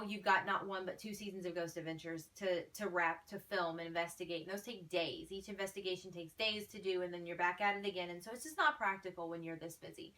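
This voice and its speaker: A woman's voice: medium pitch, bright, forceful tone, recorded from a distance. A woman fan page admin answering fan questions in a casual vlog, blunt, feisty and exasperated.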